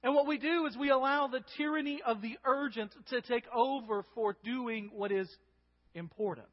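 A man's voice: very high voice, normal speed. A male pastor preaching a sermon in a conversational way, often checking in with the congregation. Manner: conversational, asking the crowd "right?". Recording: dull lo-fi with long hall reverb.

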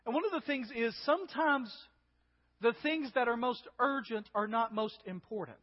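A male pastor preaching with a high, conversational voice that keeps checking in with his listeners. The recording is dull and lo-fi, with a long echo from a large hall. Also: moderate pace. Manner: conversational, asking the crowd "right?". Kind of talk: sermon.

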